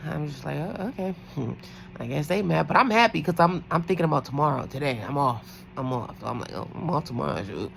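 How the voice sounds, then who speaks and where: A woman talks through a casual storytime vlog about her nursing shift, chatty and rambling, full of fillers. Her voice sits low, with a gravelly creak. A faint hiss runs under the recording. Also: low-quality recording. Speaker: night-shift nurse.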